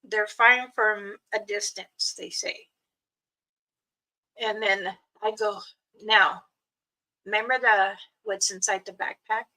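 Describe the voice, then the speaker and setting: A mother casually telling a personal story, chatty and laughing often, acting out her children's voices and hushing her own quoted words. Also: mid-range voice, fairly even intonation, slow pace, long pauses, low-quality recording.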